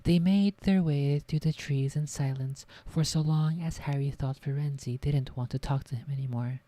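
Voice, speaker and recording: A woman's voice: low voice, moderate pace, warm tone, no echo. A woman streamer reading a book aloud in a casual way, swearing at her own slips. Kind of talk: casual read-aloud narration.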